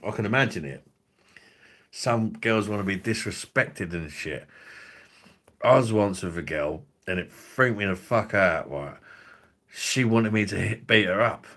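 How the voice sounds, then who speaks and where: Male livestream host, low voice, crude and sweary, loose rambling delivery. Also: measured pace, a bit bright. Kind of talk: casual livestream chat.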